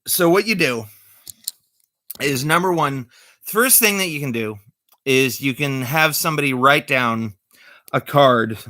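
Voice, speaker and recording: Man, slow and bright, rambling casual vlog host, dry close sound. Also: mid-range voice, dry recording. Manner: rambling, halting, many fillers; corny jokey delivery. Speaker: vlogger showing magic tricks.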